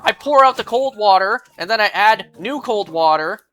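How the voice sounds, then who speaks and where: A woman's voice: medium pitch, lively intonation, normal speed, fairly bright tone, soft background music. A woman streaming a game and chatting casually, venting in an exasperated way and swearing freely. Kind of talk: casual chat while gaming.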